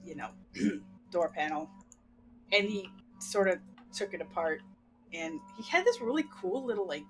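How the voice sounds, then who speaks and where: A middle-aged woman telling a long, animated story in casual chat, laughing and acting out what people said. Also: fairly high pitch. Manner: animated, laughing, acts out quotes. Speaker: podcast co-host.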